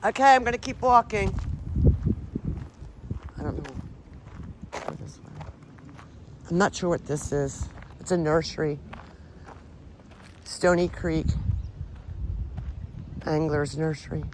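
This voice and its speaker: A woman's voice: deep voice, takes it slowly, long pauses. A woman vlogging a paranormal walk outdoors, questioning spirits aloud and talking to her viewers. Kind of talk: casual ghost-hunting vlog. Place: outdoors, sunny rural grounds. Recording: outdoor recording with background noise.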